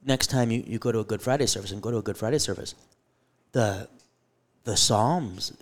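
A man's voice: on the low side, a little fast. A man co-hosting a live podcast, telling stories animatedly with a joking, self-deprecating humor. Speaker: podcast co-host, theology teacher. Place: live event before an audience.

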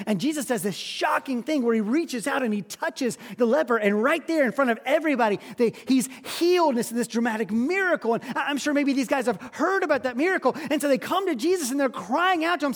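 High-voiced preacher in a reverberant hall. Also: male voice. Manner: animated storytelling, repeats words. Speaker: pastor. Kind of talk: sermon.

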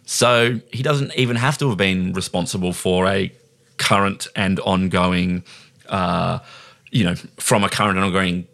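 A man's voice: sits low, steady tone, unhurried, creaky, fairly bright tone. A man co-hosting a casual film podcast, talking loosely and jokily with lots of "like" and "you know.".

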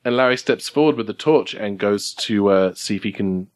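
A man's voice: on the low side, normal speed. A man narrating a tabletop role-playing game as the game master, talking with many fillers and restarts. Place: game store in Burbank.

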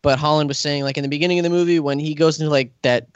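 Excitable higher-voiced man hosting a podcast. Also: rapid-fire, clear, resonant tone, dry recording, muffled recording. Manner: excitable, rambling, laughs often. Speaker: podcast host. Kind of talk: casual movie podcast chat.

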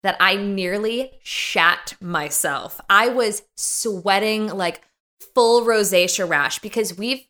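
A woman with a bright, forceful voice tells her stories in casual chat. She swears freely and swings her pitch up high for emphasis, keeping her delivery animated. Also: slow pace. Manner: profane, animated storytelling with big pitch swings. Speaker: podcast guest, commentator on influencers.

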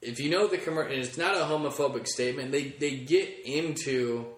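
In an echoey room, a man hosting a comedy podcast rambles through a loose, chatty monologue, cursing freely along the way. His voice sits in the mid range, and he talks a little fast.

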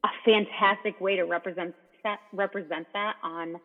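High-voiced man gushing excitedly. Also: moderate pace. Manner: gushing, excitable, filler-heavy. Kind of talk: casual fan discussion. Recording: tinny phone-like line with long reverb.

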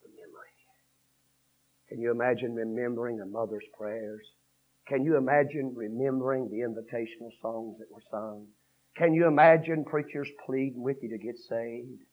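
A man preaching a revival sermon, swinging from hushed storytelling to shouted fervor. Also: mid-range voice, fairly even intonation, moderate pace, narrow, tinny audio.

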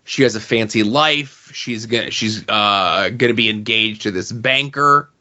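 A man's voice: lowish voice, a little slow, pushed and bright, lo-fi sound. A man hosting a casual movie review chat, sarcastic and rambling, full of "like" and "okay?" asides. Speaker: podcast host.

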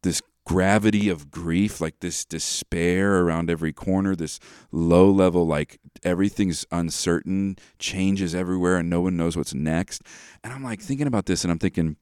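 A man's voice: deep voice, moderate pace, clear, resonant tone, no echo, studio quality. A man in his thirties hosting a podcast, talking casually and animatedly, with many fillers. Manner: animated, rambling with many fillers, acts out lines. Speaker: podcast host. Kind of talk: casual monologue.

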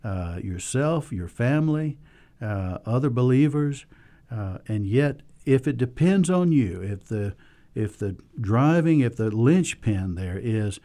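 A man's voice: mid-range voice, expressive, takes it slowly, dark tone. A man teaching a Bible study lesson, hesitant, with frequent fillers and restarts.

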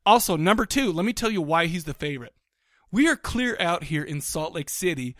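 Man, podcast co-host, rambling, excitable, many fillers, higher voice. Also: brisk, no room sound, studio quality. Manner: rambling, full of restarts and fillers; excitable, laughing. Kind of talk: casual chat.

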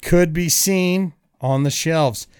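A man hosting a casual podcast, reading out movie trivia and quiz clues in a slow, deliberate way. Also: on the high side, darkish tone, clear, resonant tone, no echo, studio quality.

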